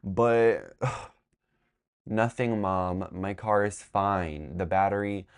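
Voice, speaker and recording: A man's voice: sits low, takes it slowly, smooth. A young man telling a storytime vlog in a rambling, exasperated way, swearing as he goes. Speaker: vlogger.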